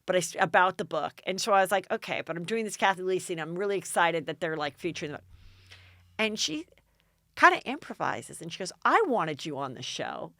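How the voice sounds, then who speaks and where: A middle-aged American woman hosting a podcast, telling a story in a lively, dramatic way and acting out the people she quotes. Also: on the low side, fairly quick, dry recording, clean studio sound. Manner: animated, dramatic retelling with quoted voices. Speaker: podcast host. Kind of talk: casual storytelling chat.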